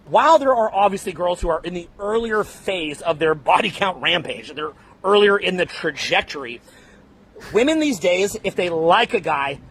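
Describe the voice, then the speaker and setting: A man from Canada lectures on dating in a brash, blunt way and keeps calling his listener bro. His voice sits high for a man. Faint background noise runs under the recording. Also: a bit bright. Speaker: dating coach. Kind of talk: lecture-style advice talk.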